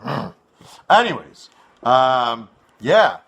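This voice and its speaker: A man's voice: mid-range voice, big pitch swings, extremely slow, creaky, fairly bright tone. A man from North America hosting his own online show, rambling through a crude, swearing monologue full of fillers.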